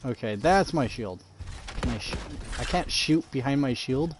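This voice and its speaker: A man's voice: medium pitch, expressive, normal speed, slight background noise. A man live-streaming a video game, swearing freely, laughing often and breaking into exasperated rants. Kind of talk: casual gameplay commentary.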